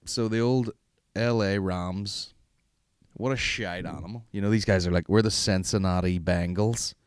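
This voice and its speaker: A man's voice: on the low side, unhurried, smooth, dry recording, studio quality. A man, hosting a podcast in rambling, profane, jokey casual chat. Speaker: podcast host.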